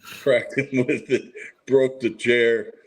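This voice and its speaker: Wrestling vet guy spinning a story, relaxed, mid voice. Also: mid-range voice, slow, rough recording. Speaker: veteran wrestler guest. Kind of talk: casual storytelling.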